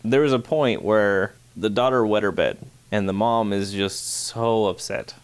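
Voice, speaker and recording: A man's voice: lowish voice, measured pace, clean tone. A man co-hosting a podcast, recapping a film in laid-back casual chat. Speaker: podcast co-host.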